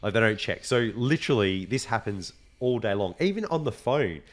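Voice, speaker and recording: Animated man telling stories. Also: on the low side, normal speed. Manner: animated storyteller, swears casually, acts out quoted voices. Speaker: podcast co-host. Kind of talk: casual chat.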